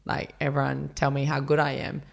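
Casual guy with a creaky edge to his voice, a chatty interview guest acting out quotes. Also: mid-range voice, monotone, fairly quick. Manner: chatty storyteller, acts out quotes, many fillers. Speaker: podcast guest, runner.

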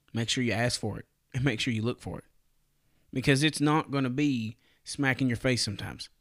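A man gives a casual morning devotional on his podcast, speaking at medium pitch in a folksy, plain-spoken way and posing rhetorical questions to listeners. The recording is dry with clean studio sound.

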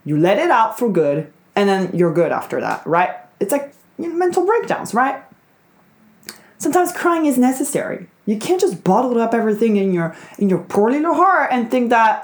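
A woman's voice: fairly high pitch, big pitch swings, moderate pace. A young woman hosting her own show, chatting casually on her own in a rambling, emphatic way with frequent swearing. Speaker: podcast host. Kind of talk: casual solo chat.

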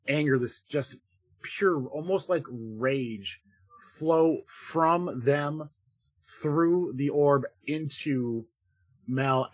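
A man's voice: medium pitch, husky, dry recording. A man running a tabletop role-playing game as game master, narrating casually with lots of fillers. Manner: casual, descriptive, filler-heavy.

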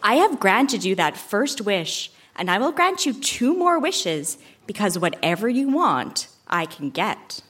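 A woman's voice: very animated, a bit bright, husky, full character voice. A woman putting on a creepy fairy godmother. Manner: slow, low, eerie delivery.

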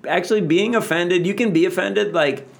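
Man, casual chat, relaxed, swears freely, laughs a lot. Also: high voice, normal speed, gravelly.

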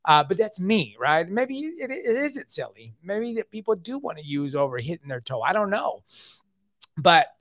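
Earnest middle-aged guy sharing his recovery story, kinda high voice, dry close sound, keeps saying man. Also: big pitch swings, normal speed, fairly bright tone, dry recording. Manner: repeats words and fills talk with "man"; earnest, confiding. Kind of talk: casual personal storytelling.

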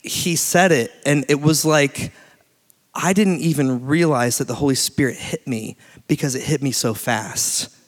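A man in his late thirties preaching a sermon in a church, telling stories with lively energy and laughing often. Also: mid-range voice, unhurried. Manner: animated storytelling, laughs often. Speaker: pastor. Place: church hall. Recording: long hall reverb.

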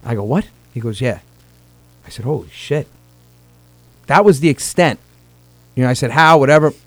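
A man's voice: mid-range voice, expressive, a little fast, no echo. A man in his thirties with a New York-New Jersey Italian-American accent, speaking earnestly and emotionally on a comedy podcast, swearing and repeating words as he gets worked up.

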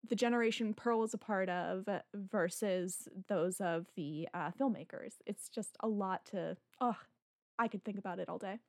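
A woman's voice: mid-range voice, normal speed, no room sound, studio quality. A woman co-hosting a podcast, chatting casually and enthusiastically about a film, laughing easily and trailing off mid-thought. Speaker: podcast co-host. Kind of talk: casual film review chat.

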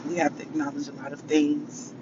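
A man's voice: on the high side, level tone, fairly quick. A man giving an emotional, preachy talk to his viewers, calling them baby and honey. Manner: preachy, affectionate, calls listeners baby and honey. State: emotional after a hard day. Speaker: vlogger. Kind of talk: casual spiritual talk to viewers. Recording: muffled with loud vehicle noise.

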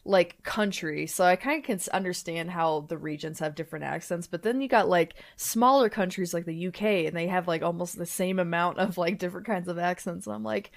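A woman's voice: on the low side, brisk, vocal fry, few pauses. A woman from the United States in casual chat, rambling with many fillers and laughing often.

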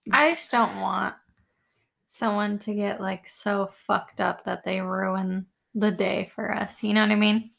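Young woman, bright, chatty. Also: medium pitch, fairly even intonation, a little slow, gravelly. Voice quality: filler-heavy, swearing. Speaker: podcast co-host. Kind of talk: casual chat.

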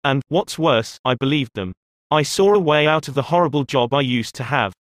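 A man's voice: mid-range voice, moderate pace, no room sound, studio quality, lightly acted. A man voicing an exhausted, desperate woman who owns a pie shop, speaking in an emphatic, venting way.

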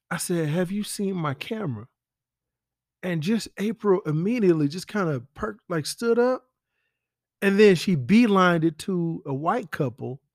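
A man telling stories about a late friend in a casual, animated way, with slang and whispered asides. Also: sits high, no room sound, studio quality. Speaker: friend giving a spoken tribute. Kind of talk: casual storytelling.

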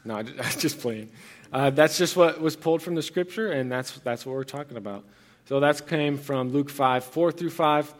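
A man's voice: on the high side, moderate pace. A young man preaching a sermon as pastor, earnest and conversational, with frequent restarts and fillers.

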